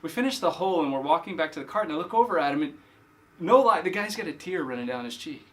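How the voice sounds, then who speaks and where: A man's voice: on the high side, animated, quick pace, fairly bright tone. A middle-aged man, a pastor hosting a short podcast, telling a story casually and often repeating words as he goes.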